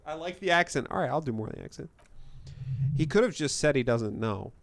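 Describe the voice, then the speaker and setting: A young man reading game text aloud on a stream, with a lively, up-and-down voice and amused asides. The sound is dry and close. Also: a little high, brisk, no room sound. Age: young adult. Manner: amused, reads text out then reacts.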